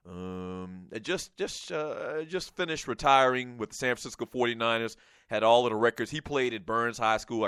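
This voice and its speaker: A man in his forties with a Geechee accent from the South Carolina Lowcountry, hosting a sports talk radio show and telling a lively story about high school football. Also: clear, resonant tone, no echo, studio quality. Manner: storytelling, animated, laughs and raises voice at the big moments.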